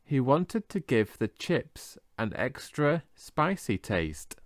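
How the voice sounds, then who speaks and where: A man teaching English vocabulary in a scripted lesson, slowly and carefully modelling how each word is pronounced. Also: mid-range voice, sing-song, dry recording, studio quality. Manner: slow, careful modelling of pronunciation.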